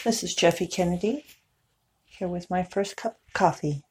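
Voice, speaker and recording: A woman casually chatting in a morning vlog, talking to her cat in a high coaxing voice. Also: moderate pace, slight background noise. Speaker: vlogger. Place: at home and outdoors. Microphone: clip-on microphone.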